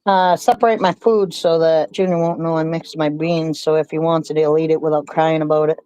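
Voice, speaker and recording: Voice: mid-range voice, little pitch movement, a little fast, mellow, clean tone, no room sound. An easygoing co-host chatting casually on a livestream, agreeable and talkative.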